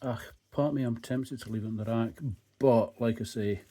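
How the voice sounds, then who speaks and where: A man's voice: mid-range voice, steady tone, normal speed, dark tone. A Scottish man narrating his home cooking in a laid-back, casual way, with frequent fillers and swearing. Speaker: home cook and channel host.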